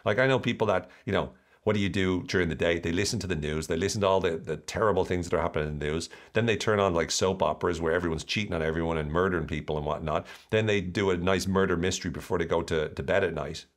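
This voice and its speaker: Guy talking on his podcast, really low voice, jokey and lively. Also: fast talker. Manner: lively, jokey, mocking asides. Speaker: podcast host. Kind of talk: solo podcast talk.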